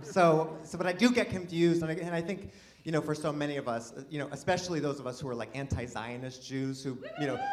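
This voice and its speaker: A man's voice: on the high side, very noisy. A man doing a rambling, self-deprecating stand-up set, chatting with the crowd. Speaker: stand-up comedian. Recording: live venue with audience laughter.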